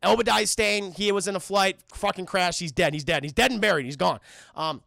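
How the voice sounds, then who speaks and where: A man giving a casual, animated scene-by-scene film recap to his live chat, swearing freely and tossing in quick acted-out lines amid plenty of fillers. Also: high-pitched, creaky, no echo, studio quality. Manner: many fillers and restarts. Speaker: film reviewer streaming live. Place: home streaming setup.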